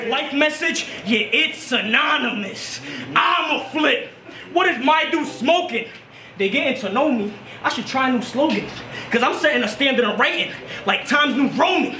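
A man with a high, bright voice raps a combative battle verse. He sounds echoey, with faint noise in the background. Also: lively intonation, normal speed. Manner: combative rapping. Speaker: battle rapper. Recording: echoey venue.

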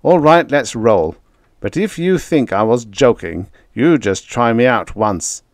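A man's voice: medium pitch, expressive, a little slow, no room sound, pitched above the performer's own voice. A man reading an audiobook, voicing a stern older male major who leads an expedition and speaks curtly. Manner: curt, snapping.

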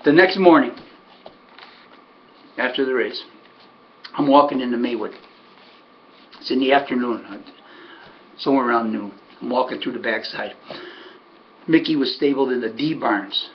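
A man, a harness horse trainer, casually telling a story in an animated, emphatic way, repeating words for effect. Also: mid-range voice, normal speed, long pauses, a little hiss or hum. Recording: dull lo-fi recording.

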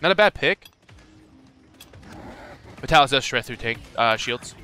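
Excitable man calling out game plays. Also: mid-range voice, unhurried, soft background music. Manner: excitable, shouts at big moments; coaching teammates. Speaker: gaming video creator. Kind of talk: live gameplay commentary.

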